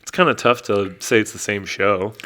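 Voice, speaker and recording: A man's voice: lowish voice, normal speed, fairly bright tone. A man co-hosting a casual podcast chat, easygoing and agreeable, often trailing off and restarting his thoughts. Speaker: podcast co-host.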